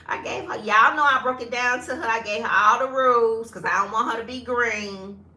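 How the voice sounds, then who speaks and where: A woman in her fifties telling viewers a story in a casual, animated vlog, often calling them y'all. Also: fairly high pitch, brisk, roomy sound, crowd noise. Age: 50s. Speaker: lifestyle vlogger.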